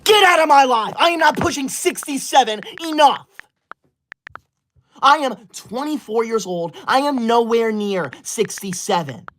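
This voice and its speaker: A man's voice: very high voice, lively intonation, a little slow, hardly any pauses, fairly bright tone, slight background noise, full character voice. A man in his twenties playing a pompous, bossy young male livestreamer who scolds his chat while reading super chats, as a comedy character. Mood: indignant. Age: 20s.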